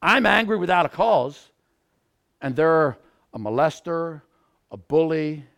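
A male pastor preaching a sermon, animated, acting out little scenes and bursting into shouts. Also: a little high, unhurried, creaky. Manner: animated, acts out scenarios, sudden shouts.

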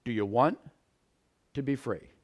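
A man preaching a sermon, moving from quiet, earnest teaching to loud, pleading peaks. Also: mid-range voice, unhurried.

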